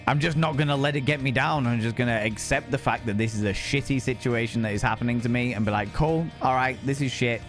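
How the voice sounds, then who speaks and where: A man's voice: mid-range voice, fairly even intonation, fast talker, few pauses, soft background music. A young man with a Northern English Hull accent, chatting casually with his live chat as a streamer, joking and swearing freely. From England. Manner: swears freely, jokey, slips into other accents.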